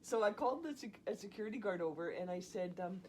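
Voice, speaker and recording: A woman casually telling a personal story in an animated way, often laughing and acting out what people said. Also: medium pitch, quick pace, slight background noise. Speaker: storyteller guest.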